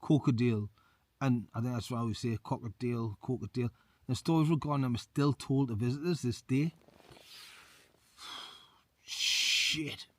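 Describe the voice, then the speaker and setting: A man's voice: medium pitch, a little slow, long pauses, fairly bright tone. A man, an ex-soldier and outdoor vlogger, reads a folk tale aloud at a winter wild camp with matey commentary. He is cold. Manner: matey, says mate a lot.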